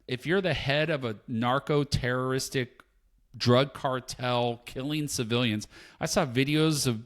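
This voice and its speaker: A man's voice: mid-range voice, unhurried. A man co-hosting a podcast, ranting in casual chat and hammering his points home with repetition. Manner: heated, emphatic, repeats points. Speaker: podcast co-host.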